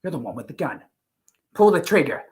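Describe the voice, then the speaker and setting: A man's voice: on the high side, very animated, brisk, a little mellow, voice pushed up. A man doing an impression of an eccentric male time traveler, delivered theatrically and dramatically. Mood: menacing. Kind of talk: impression of an actor's performance.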